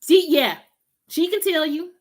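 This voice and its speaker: A woman's voice: extremely high pitch, unhurried. A woman from Los Angeles with a Southern country drawl, chatting casually to viewers on a spiritual live stream, slangy and informal with frequent laughs. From Los Angeles, USA.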